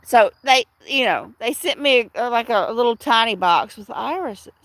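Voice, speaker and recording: A middle-aged woman talks casually to her livestream viewers from home, wandering from story to story with frequent restarts. Her voice has a gravelly fry to it, and the sound is close and dry with no room echo. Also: fairly high pitch, lively intonation, moderate pace, a bit bright. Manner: rambling, chatty storytelling with many restarts. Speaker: livestream host.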